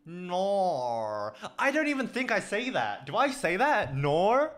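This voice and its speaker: A man's voice: high-pitched, wildly swooping pitch, takes it slowly, fairly bright tone. A young Australian man chatting casually on a livestream, rambling, swearing and laughing often. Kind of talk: casual chat stream. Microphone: desk microphone.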